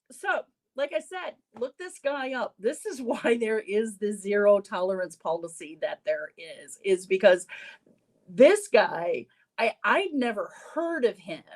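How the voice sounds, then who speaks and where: A woman with a medium-pitched, slightly mellow voice hosts a laid-back sports podcast segment. She chats casually, sharing opinions and laughing at her own lines.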